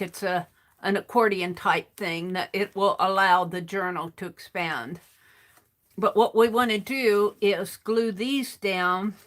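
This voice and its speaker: A woman streams from her desk, chatting with viewers and narrating her crafting in a casual art demo. Her voice is on the high side, pushed and bright.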